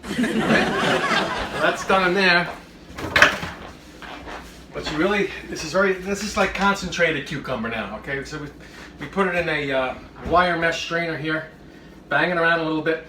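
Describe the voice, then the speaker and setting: A man's voice: fairly high pitch, moderate pace, pauses often, roomy sound, distant mic, noisy background. A man hosting a comedic cooking demonstration in his kitchen, full of joking asides. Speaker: cooking show host. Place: home kitchen.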